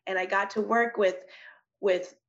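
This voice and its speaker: Young woman, missionary guest, earnest, animated, laughs often, restarts sentences, middle pitch, slightly dull sound. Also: measured pace. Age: young adult. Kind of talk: personal testimony in an interview.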